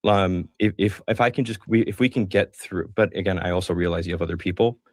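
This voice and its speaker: A man calling into a debate stream, speaking carefully and haltingly. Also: low voice, steady tone, dry recording, clean studio sound. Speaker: caller. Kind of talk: debate call-in.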